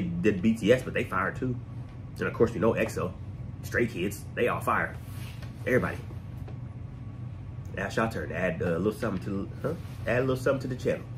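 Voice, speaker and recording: A man's voice: mid-range voice, background noise. A man hosting a music reaction channel, joking and talking straight to his viewers in a casual, playful way.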